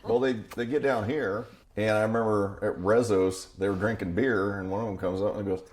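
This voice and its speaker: A deep-voiced man hosts a casual podcast recorded in a garage. He tells stories with plenty of jokes and laughs freely, his voice low and easygoing. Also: fairly even intonation, brisk, few pauses. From Idaho. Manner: jokey storyteller, laughs often. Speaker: podcast host. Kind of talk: casual chat.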